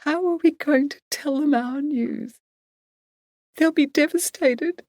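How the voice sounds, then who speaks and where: A woman's voice: high-pitched, unhurried, vocal fry, darkish tone, dry recording, pitched above the performer's own voice, heavily acted. In an audiobook, a woman reads an anxious young woman, her voice lifted well above the reader's own and thinner in tone. She sounds close to tears and pleading, in a dry, close recording. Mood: distressed. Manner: emotional, pleading.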